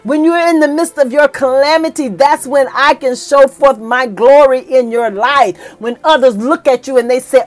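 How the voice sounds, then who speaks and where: A woman preaching a sermon in a fervent, emotional way, with folksy church talk and excited peaks. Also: high-pitched, moderate pace, hardly any pauses, faint music behind.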